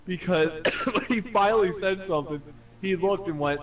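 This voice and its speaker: A young man telling a profane, animated bar story among friends, swearing constantly and acting out other people's voices. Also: high voice, normal speed. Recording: distant mic with loud music behind. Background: music.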